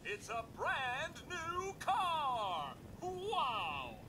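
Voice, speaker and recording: An actor voicing a cheesy male game-show-host robot in a video game, delivering booming showman sales patter. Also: huge pitch swings, drawn-out words, noisy background, heavily acted. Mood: showy. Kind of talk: video game character dialogue.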